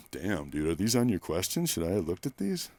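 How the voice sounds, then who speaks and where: A male personal trainer speaks in a low-pitched, very animated voice at normal speed, bluntly and profanely rambling through stories in a candid interview. He is close to the microphone in a quiet room, with no room sound.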